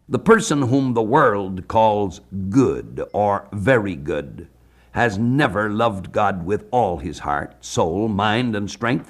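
A man from the United States preaching a sermon on a Bible passage, measured, slowing down to read scripture aloud. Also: fairly low pitch. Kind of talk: radio sermon, Bible exposition.

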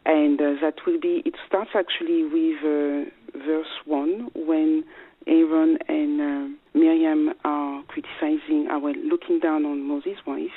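A woman with a French accent calls in over a thin, tinny phone line. Her voice is husky, and she speaks haltingly, often stopping to restart a thought. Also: low-pitched, flat delivery, no room sound. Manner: hesitant, many fillers and restarts. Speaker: caller. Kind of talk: call-in question.

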